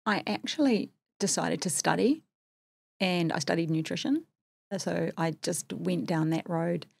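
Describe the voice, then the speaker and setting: Middle-aged kiwi woman, a bit husky and lowish, chatty self-deprecating guest, dry close sound. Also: a little slow, a little mellow, dry recording. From New Zealand. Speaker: podcast guest. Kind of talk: casual interview storytelling.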